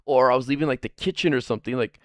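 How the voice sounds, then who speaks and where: A man's voice: mid-range voice, racing, dry recording, clean studio sound. Profane rambling man streaming. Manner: rambling, profane, laughs often. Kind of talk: casual stream chat.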